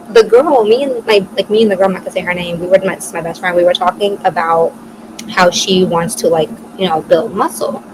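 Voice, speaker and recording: A woman in her twenties telling a personal story on a casual podcast chat, talking loosely with lots of "like" and the odd swear word. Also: on the low side. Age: 20s. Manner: chatty, peppered with "like", swears freely. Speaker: podcast co-host. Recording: noisy background hiss.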